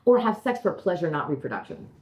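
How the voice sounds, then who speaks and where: A woman's voice: on the low side, very animated, fast, darkish tone, echoey room. A woman co-hosting a podcast, chatting casually in a blunt, rambling way and leaning heavily on "like". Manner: blunt, rambling, heavy use of "like". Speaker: podcast co-host, comedian. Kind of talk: casual chat.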